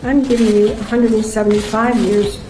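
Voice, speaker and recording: A woman judge passing sentence in a courtroom with firm, deliberate words. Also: fairly high pitch, level tone, background noise. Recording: echoey courtroom audio, far from mic. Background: music.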